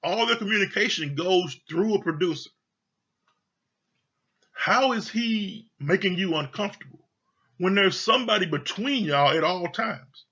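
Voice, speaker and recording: A man rants through a profane show review in a high, bright and slightly husky voice. He talks bluntly and mockingly, with plenty of exasperation. The audio is dull and lo-fi. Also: expressive, a little slow. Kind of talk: casual profane rant.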